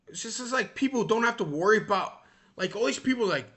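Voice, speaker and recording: A young man with a high, bright voice rants about sports. His pitch swings widely as he talks in a heated, exasperated way and often restarts his sentences. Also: big pitch swings, moderate pace. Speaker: sports commentator. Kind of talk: casual opinion rant.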